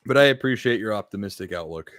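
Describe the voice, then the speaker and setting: A man's voice: on the low side, lively intonation, fast talker, a bit bright, dry recording, clean studio sound. A man hosting a casual streamed podcast, venting his frustration and swearing often as he talks to the live chat. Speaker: podcast host. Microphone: podcast microphone.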